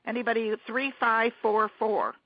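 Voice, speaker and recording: A woman hosting a teleconference casually, talking haltingly with many restarts and fillers over a muffled conference-call line. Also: on the high side, steady tone, slightly rough.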